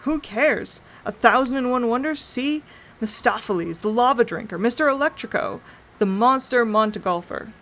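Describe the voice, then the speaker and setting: A woman voicing a bold, dreamy young boy in a storybook reading, talking in eager, excited bursts. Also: fairly high pitch, moderate pace, voice pushed up. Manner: excited, breathless listing.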